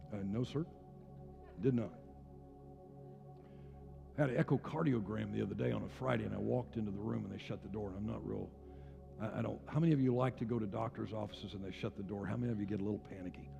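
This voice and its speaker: A man's voice: fairly low pitch, quick pace, vocal fry, pauses often, dull audio. Older male pastor preaching in a reverberant hall. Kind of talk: sermon. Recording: long hall reverb with faint music.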